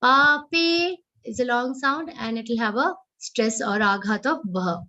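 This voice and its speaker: Woman, recitation teacher, slow deliberate delivery, muffled lo-fi online call. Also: fairly high pitch, pushed and bright. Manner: slow, careful chanting of verses, then explaining each sound. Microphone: online call microphone.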